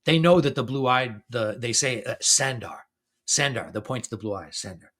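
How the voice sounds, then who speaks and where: A middle-aged man in his fifties talks loosely on his own podcast, pitched right in the middle of the male range. He keeps chuckling between phrases and often restarts or doubles his words as the stories tumble out. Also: expressive, normal speed, a bit bright. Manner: chatty storytelling, laughs often between phrases. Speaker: podcast host. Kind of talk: casual conversation.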